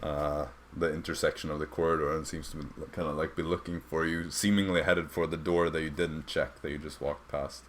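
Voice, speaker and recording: Deep-voiced young man running a tabletop game. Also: little pitch movement, fairly bright tone, slight background noise. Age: young adult. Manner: rambling, halting, with many fillers. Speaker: dungeon master.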